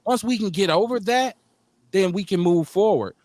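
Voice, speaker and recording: A man's voice: high-pitched, moderate pace, no room sound. Milwaukee guy hosting talk radio, tells stories, does the voices, dry close sound. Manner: storytelling, animated, acts out the people in his stories. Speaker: radio show host. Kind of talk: casual chat.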